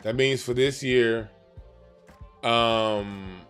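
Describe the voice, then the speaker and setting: A man's voice: medium pitch, extremely slow, a bit bright, clean tone, soft background music. A man reading playing cards for a yearly forecast, talking casually in an emphatic, slangy way, often repeating and restarting his phrases. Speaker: card reader. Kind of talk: casual explainer monologue.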